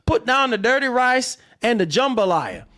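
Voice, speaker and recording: A man giving dramatic commentary on gaming news, with theatrical, pleading exclamations and drawn-out emphasis. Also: extremely high pitch, sing-song, sharp tone.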